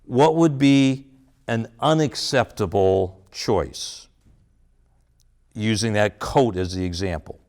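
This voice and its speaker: A man runs a parenting workshop at a school, role-playing parent–child exchanges with audience members in an interactive session held in an auditorium or room with listeners. His voice is lowish and a little mellow, and he speaks slowly.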